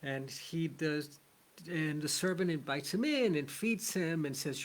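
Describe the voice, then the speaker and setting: A male spiritual teacher lectures in an earnest storytelling manner, weaving a parable into his lesson. His voice sits somewhat high, and he speaks at a slow pace. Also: expressive. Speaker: shamanic teacher.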